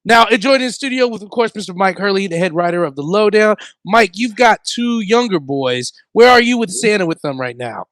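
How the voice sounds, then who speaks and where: High-voiced laughing radio host man. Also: a little fast, hardly any pauses, no room sound. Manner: laughing, animated storyteller. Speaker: radio comedy show host. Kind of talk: casual comedy radio chat.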